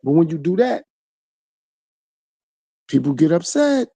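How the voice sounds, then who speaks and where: A man's voice: fairly high pitch, very animated, unhurried, mellow, breathy edge, dry recording. A man hosting his own podcast, talking through a reflective solo monologue full of repeated phrases and rhetorical questions. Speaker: podcast host.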